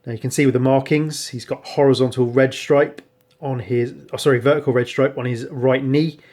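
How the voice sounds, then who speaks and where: A man talks through his hobby work in a relaxed, rambling way, stopping often to correct himself. His voice sits at an ordinary middle pitch. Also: fairly quick. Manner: relaxed, rambling, frequent ums and self-corrections. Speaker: hobbyist showing painted miniatures. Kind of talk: casual show-and-tell narration.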